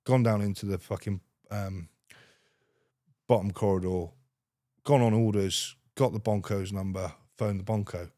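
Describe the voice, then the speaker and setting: A young former soldier from the United Kingdom, appearing as a podcast guest, casually tells army stories in a lowish, slightly slow voice. He swears heavily and animates his retellings with quoted dialogue. The recording is clean studio sound with no echo.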